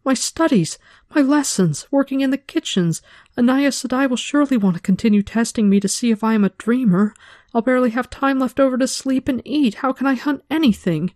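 A podcaster reading a novel aloud, voicing a frightened, earnest young woman apprentice in a high, squeaky, pleading voice. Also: level tone, normal speed, darkish tone, no room sound, clean studio sound, natural voice. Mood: panicked.

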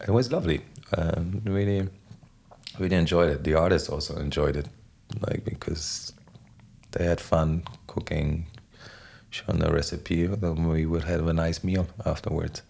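Speaking as a guest in a casual conversation, a man with a deep, gravelly voice rambles in a relaxed way, using lots of "like" fillers. His pace is a little slow.

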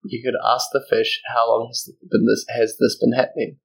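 A man's voice: medium pitch, little pitch movement, normal speed, vocal fry, rough recording. A man in a tabletop game session talks in wry, rambling asides. His tone stays loose and casual. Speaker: player.

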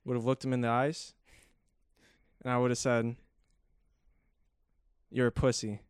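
A young man joking with a friend and spinning cocky what-if stories. His voice is smooth and clear. The recording is close and dry. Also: medium pitch, completely flat delivery, normal speed, dry recording. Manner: playful, boastful hypotheticals. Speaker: friend in conversation. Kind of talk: casual chat.

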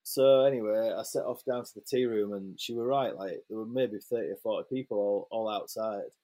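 A man's voice: fairly low pitch, a little fast. Chatty man telling a story. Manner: lively, swears freely, many fillers and restarts. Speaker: interview guest. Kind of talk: casual storytelling.

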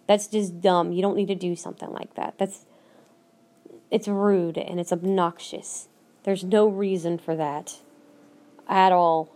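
A woman's voice: fairly low pitch, steady tone, unhurried, mellow. A woman hosting her own podcast, talking alone in a blunt, emphatic way that keeps repeating her points. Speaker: podcast host. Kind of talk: solo podcast rant. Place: lives in Minnesota.

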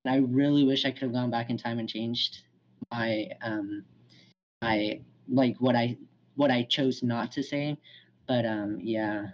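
Young man, casual, hesitant, filler-heavy, mid pitch. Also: a little slow, a little hiss or hum, poor audio. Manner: relaxed, hesitant, many fillers. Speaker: discussion participant. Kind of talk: casual group conversation.

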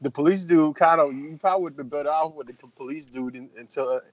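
A man's voice: on the high side, fast, no echo. A man chatting casually about an old film. He rambles, swears, and acts out scenes in different voices. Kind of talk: casual film-review chat. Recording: dull lo-fi recording.

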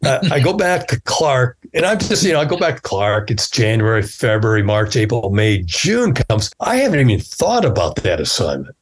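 Husky-voiced man telling war stories. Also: mid-range voice, normal speed, few pauses. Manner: animated storyteller who acts out quoted dialogue. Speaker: guest, former fighter pilot. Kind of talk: casual storytelling interview.

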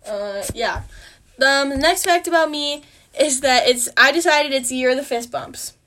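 A young woman from Wisconsin co-hosting a podcast, chatting casually with jokey quick comebacks and bursts of loud laughter. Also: sits high. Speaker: podcast co-host.

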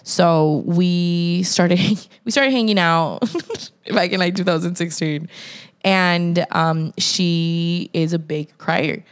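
Chatty young woman, slightly low voice. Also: fairly even intonation, slow, clean tone. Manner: chatty, lots of "like", drops Spanish words. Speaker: podcast co-host. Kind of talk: casual chat.

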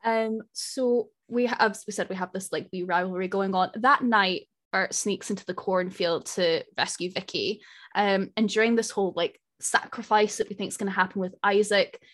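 A woman's voice: mid-range voice, steady tone, moderate pace, a bit bright. A woman hosting a podcast, casually leading the discussion in a friendly way. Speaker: podcast host. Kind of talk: casual chat.

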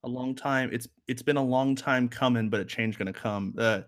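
A man's voice: mid-range voice, normal speed. A man co-hosting a casual music review chat, rambling with lots of fillers and a wry, joking edge. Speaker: music podcast co-host.

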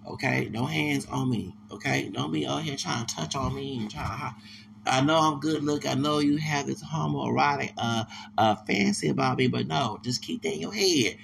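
A man with a gravelly, creaky voice tells stories on his podcast, rambling and emphatic, often restarting mid-phrase. His pitch sits in an ordinary middle range. Steady background noise runs under the recording. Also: normal speed. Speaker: podcast host. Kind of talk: casual monologue storytelling.

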